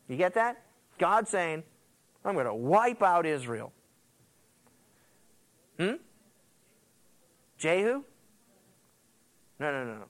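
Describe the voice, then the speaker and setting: A pastor preaching with plenty of energy. His voice sits high for a man and swings widely up and down as he reads the passage and breaks off into quick asides and jokes. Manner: animated, quips and laughs with the congregation. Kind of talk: sermon.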